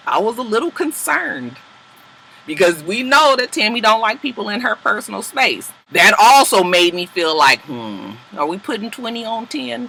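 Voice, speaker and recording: A woman, recapping a reality show episode in a profane, sassy, animated way. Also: fairly high pitch, low-quality recording.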